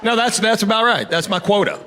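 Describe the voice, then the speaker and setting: A middle-aged man with a Southern US accent doing a stand-up set, telling stories in a drawling, deadpan way and acting out dialogue. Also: high voice, fairly quick, noisy background. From Tennessee, US South. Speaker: stand-up comedian. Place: large theater stage before a live audience. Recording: echoey live room, loud crowd laughter.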